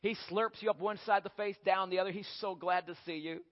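A man delivers a sermon with animated, humorous storytelling. His voice sits high for a man. The recording is dull and lo-fi, with a long hall reverb. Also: quick pace. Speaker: preacher. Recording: echoey hall, dull lo-fi sound.

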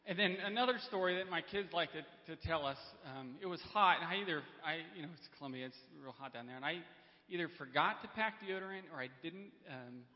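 A man speaks off the cuff from a church stage, stopping and restarting often and clearing his throat. His voice sits a little high for a man. The recording is dull and muffled, with a long reverb from the hall. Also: quick pace. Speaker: church member speaking to congregation. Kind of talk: unprepared personal storytelling. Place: church sanctuary.

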